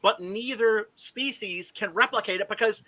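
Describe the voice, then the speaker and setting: A man's voice: high-pitched, normal speed, pushed and bright. A man hosting a casual film discussion, emphatic and swearing freely, often checking in with "right?". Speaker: podcast host.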